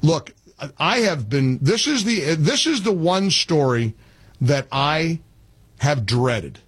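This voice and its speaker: A man's voice: fairly high pitch, very animated, takes it slowly, slightly rough, no room sound. A man hosting a talk radio show, blunt and sarcastic, taking calls and doing live ad reads.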